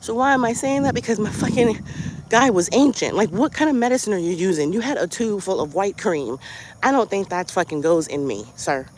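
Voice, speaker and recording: Brisk and medium-pitched, a podcast host tells a story on an outdoor walk, with slight background noise. The casual monologue is animated, swears freely and fires off rhetorical questions.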